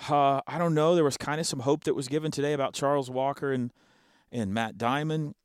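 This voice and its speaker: A man co-hosting a sports talk show in casual chat, playful and animated, breaking into sound effects. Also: mid-range voice, a little fast, smooth, no room sound, clean studio sound.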